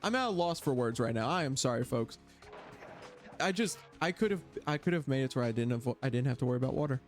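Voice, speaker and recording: A man commentating his own gameplay as a streamer, chatty and quick to launch into exaggerated, exasperated rants. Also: medium pitch, animated, soft background music. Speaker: gaming streamer. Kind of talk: let's play commentary.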